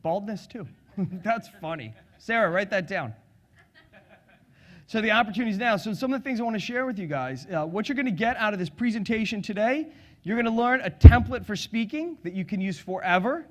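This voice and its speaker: A middle-aged man with a notably high voice presents a sales seminar to a live audience. He is energetic and playful, joking with the room and asking the listeners questions. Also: brisk. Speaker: sales and public speaking trainer.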